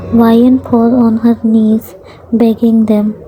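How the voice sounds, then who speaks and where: A woman narrates a fan fiction story in a slow, steady reading. Her voice sits a little high yet is very dark and mellow, with a flat, even melody. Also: a little hiss or hum, low-quality recording.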